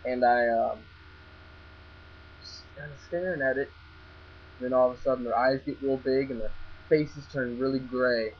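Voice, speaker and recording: A man's voice: medium pitch, fairly even intonation, normal speed, long pauses. A young man casually telling a story, stammering, restarting and swearing freely as he goes. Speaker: vlogger. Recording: dull lo-fi recording with faint mains hum.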